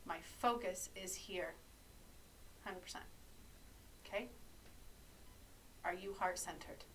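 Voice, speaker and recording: A woman's voice: lowish voice, fairly bright tone, recorded from a distance, a little hiss or hum, poor audio. A woman delivering an urgent, preachy spiritual monologue as a healer speaking to her followers. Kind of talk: monologue to camera.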